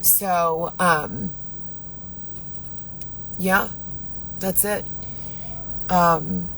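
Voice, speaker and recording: A woman's voice: lowish voice, fairly bright tone, slight background noise, rough recording. A woman ranting on a live video in a distressed, rambling way, swearing often. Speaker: livestreamer. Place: Chicago.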